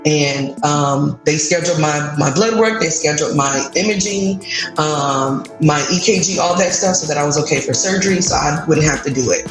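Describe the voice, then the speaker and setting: A woman's voice: low-pitched, normal speed, roomy sound, music in the background, rough recording. A woman in her thirties candidly recounting a frustrating personal experience in an interview, with emotion in her voice. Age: 30s. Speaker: guest sharing her story.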